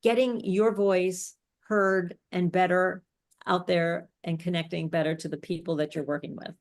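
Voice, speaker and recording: A woman's voice: fairly low pitch, steady tone, normal speed. A woman speech coach leading a live online workshop, explaining step by step with chatty asides.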